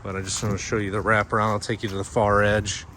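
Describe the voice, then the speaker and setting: A Texan real estate agent with a low-side voice, little pitch movement and a fairly bright tone carries a handheld camera through a house and its backyard, a little hiss or hum in the audio. Slightly out of breath from walking, he keeps it chatty and jokey, pointing features out in quick lists.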